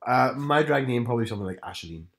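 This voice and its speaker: A man of middle pitch co-hosting a podcast, with a playful, teasing manner. His voice leaps up high when he makes a joke. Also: lively intonation, racing, fairly bright tone. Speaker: podcast co-host. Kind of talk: casual chat.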